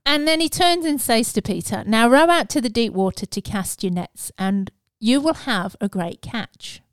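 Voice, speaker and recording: A woman delivers a relaxed, conversational sermon with an earnest tone. Her voice is smooth and clear, recorded close and dry with no room sound. She talks informally, with fillers and restarts along the way. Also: a little high, moderate pace, no echo. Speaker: preacher. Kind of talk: casual devotional sermon.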